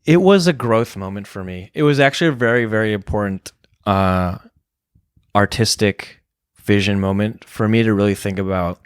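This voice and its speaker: Young dj guy, lowish voice, dry close mic, talks open and thoughtful. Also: moderate pace, smooth, dry recording. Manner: reflective, open, with filler words and restarts. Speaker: DJ and podcast guest. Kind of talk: candid conversational storytelling.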